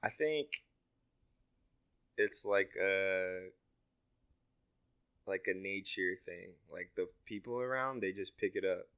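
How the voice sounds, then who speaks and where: A man's voice: sits low, takes it slowly, long pauses, bright, forceful tone, clean tone, highs cut off. A man co-hosting a podcast in loose, crude banter, calling people "bro" and "dog" and swearing casually. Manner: laid-back, swears, says "bro" and "dog" a lot. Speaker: podcast co-host.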